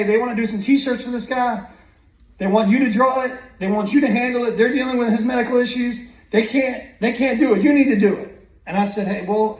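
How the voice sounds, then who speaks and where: A man in his thirties giving an earnest motivational speech to a graduating class, telling his own story with frequent restarts. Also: very high voice. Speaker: guest speaker. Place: large school hall. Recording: echoey hall from far off.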